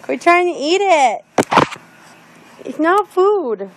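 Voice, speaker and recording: A woman's voice: extremely high pitch, sing-song, slow pace, slight background noise. A woman filming her baby on a phone, teasing and scolding in playful sing-song baby talk. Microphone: handheld phone.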